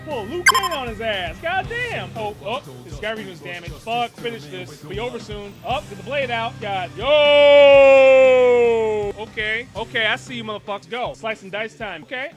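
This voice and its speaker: A man with a very high voice reacts to a movie as he watches, excitable and profane, full of sudden exclamations. Faint music plays behind him. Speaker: movie reviewer. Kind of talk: live movie reaction commentary.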